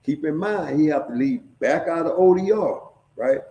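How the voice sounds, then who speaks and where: Warm-voiced man telling street stories. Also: on the high side, lively intonation, normal speed. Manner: profane, streetwise, keeps checking in with "right?". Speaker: storyteller sharing prison stories. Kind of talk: casual storytelling. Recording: echoey room.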